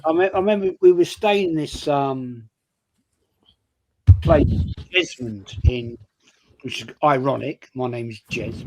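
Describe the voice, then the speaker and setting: A man recalls away trips in a casual fan chat at a middling pitch. He rambles, trips over his words and starts sentences again and again. His talk is loose and conversational. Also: background noise. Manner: rambling, restarts a lot, full of "um".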